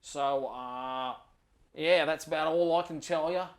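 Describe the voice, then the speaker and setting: Brief: a game master doing a prankish male Australian ranger, drawling, raised pitch, faint room noise. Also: a little slow, natural voice. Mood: laid-back. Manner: drawling, prankish, says mate. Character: jokey laid-back male Australian ranger.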